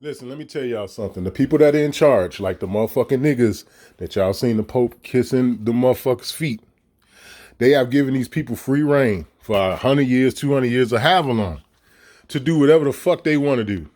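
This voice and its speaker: A man's voice: medium pitch, brisk, darkish tone. A middle-aged man giving a heated, profane rant to camera, full of rhetorical questions and mockery. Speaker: vlogger. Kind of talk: casual ranting commentary.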